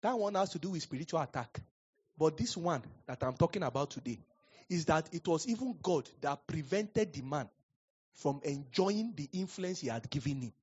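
A Nigerian-accented male pastor preaching with a lively, swooping delivery and a slightly husky edge. He tells his stories animatedly and laughs often. The recording sounds dull and lo-fi. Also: on the high side, normal speed. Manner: animated storyteller, laughs often, acts out quotes. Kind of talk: sermon with storytelling.

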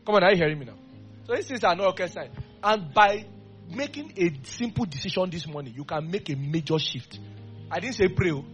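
A man preaching a sermon with fervent delivery, dropping to quiet asides and rising into loud bursts. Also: high voice, animated, a little fast, soft background music. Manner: acts out quoted voices.

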